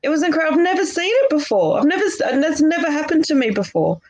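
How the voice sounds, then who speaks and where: A woman with a somewhat high voice talks casually as a guest. She tells her stories in a rambling way, with restarts and bursts of laughter. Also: sing-song, rapid-fire, a little mellow, a little hiss or hum, poor audio. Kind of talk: casual chat.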